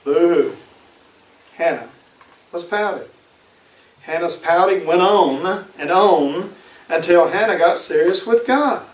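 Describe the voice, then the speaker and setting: A man's voice: sits high, unhurried, recorded from a distance. A man preaching a sermon, emphatic and repeating his key phrases. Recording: echoey room, voice from off-mic.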